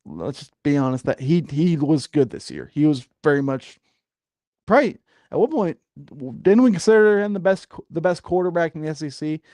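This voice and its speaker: A man's voice: on the high side, big pitch swings, brisk, darkish tone, dry recording. Fired-up rambling sports podcast man. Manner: rambling, frequent fillers, gets fired up. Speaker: podcast host. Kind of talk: casual sports talk.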